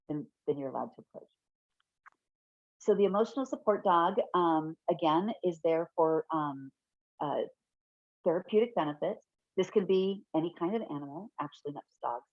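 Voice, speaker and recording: A middle-aged woman giving an online fair housing training from her home office, chatty and quick to laugh, often correcting herself mid-sentence. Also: on the low side, lively intonation, no room sound. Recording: dull, lo-fi webinar audio.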